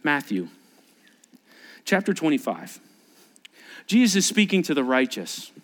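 A man's voice: a little high, very animated, a little slow. A man preaching a sermon as a pastor, talking conversationally, asking rhetorical questions and acting out quoted speech. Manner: acts out quoted speech in varied voices.

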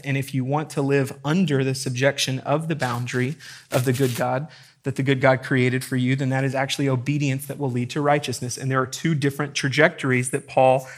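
A pastor with a mid-range, fairly bright voice preaches to his congregation in a church room, conversational yet emphatic. He acts out quotes and questions as he goes.

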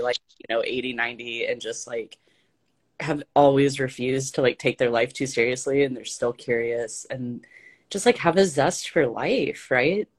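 A woman talking as a guest in a casual conversation, chatty and laughing often, with many fillers. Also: a bass voice.

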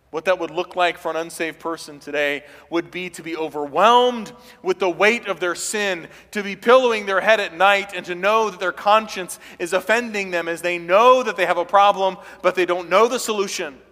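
A man preaching a sermon as pastor, building to loud, impassioned passages as he voices pleading figures. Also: high voice, fairly even intonation, normal speed, hardly any pauses, in a large hall. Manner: preaching with rising intensity, voicing quoted pleas loudly.

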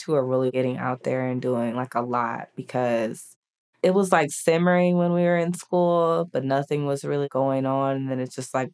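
A woman, a podcast guest, telling personal stories in a casual, chatty way, often filling pauses with "like.". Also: very deep voice, a little mellow, clear, resonant tone. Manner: chatty, frequent "like" fillers. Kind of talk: casual conversational storytelling.

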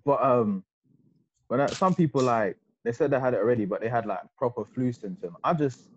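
A man's voice: mid-range voice, a little fast, slightly rough. A young man in casual chat among friends, hesitant and searching for words. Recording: dull lo-fi sound.

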